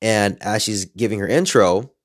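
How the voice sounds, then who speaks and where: A man casually telling a story as a podcaster, excited and animated, acting out what people said. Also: fairly low pitch, normal speed, dry recording, studio quality. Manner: excited, animated retelling with quoted voices.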